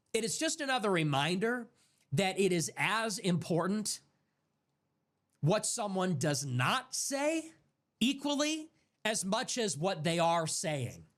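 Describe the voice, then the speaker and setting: Heated, high-pitched young man ranting. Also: fairly bright tone. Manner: emphatic, contemptuous, repeats phrases for stress. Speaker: political streamer. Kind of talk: heated political monologue.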